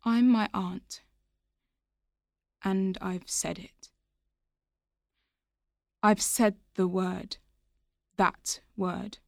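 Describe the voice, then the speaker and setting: This is a slow, unhurried narrator in an audio drama, a young woman recalling her family. Her pitch sits mid-range and she talks quietly and reflectively, letting each thought settle before the next. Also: steady tone, creaky, no echo, studio quality. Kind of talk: scripted first-person audio drama narration.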